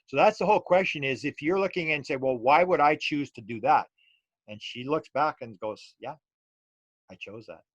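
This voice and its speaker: A man's voice: a little high, normal speed, no room sound, dull audio. A middle-aged man, a UFO researcher talking as an interview guest and telling stories loosely with many restarts and fillers. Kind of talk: casual storytelling interview.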